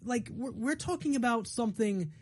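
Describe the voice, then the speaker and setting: A woman co-hosting a podcast, arguing emphatically with halting restarts. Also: a little high, expressive, darkish tone, husky. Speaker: podcast co-host. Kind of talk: heated casual debate.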